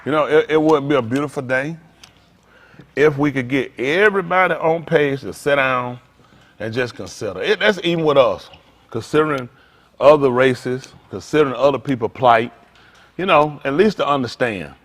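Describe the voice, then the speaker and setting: A man preaching informally to a congregation, animated and conversational, acting out little dialogues as he goes. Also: mid-range voice, normal speed. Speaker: pastor.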